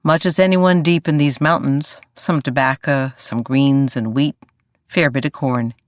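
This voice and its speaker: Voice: medium pitch, steady tone, a little slow, no room sound, studio quality, lightly acted. A narrator voicing a wry grown male mountain laborer with a drawl and folksy talk.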